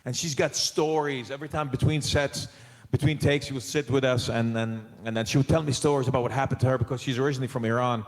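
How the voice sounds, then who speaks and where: A man, a guest actor, answering audience questions on a convention panel in a casual, animated way, with frequent restarts and laughs. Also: medium pitch, fast, hardly any pauses, in a large hall. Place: large convention hall.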